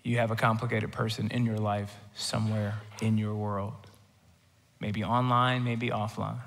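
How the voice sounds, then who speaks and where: A man preaching a sermon in a church, telling scripture stories in an animated way and acting out the voices. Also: lowish voice, unhurried, creaky, in a large hall. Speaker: guest preacher. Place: church auditorium.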